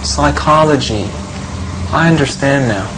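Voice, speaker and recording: A woman reading a scripted English lesson dialogue in a plain, measured way, on a noisy recording. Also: very deep voice.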